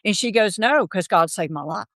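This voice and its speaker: A woman's voice: medium pitch, moderate pace, no room sound. Middle-aged woman, podcast guest, storytelling, voice swoops up when quoting others, dry close sound. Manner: animated storyteller, acts out quoted voices. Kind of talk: storytelling interview.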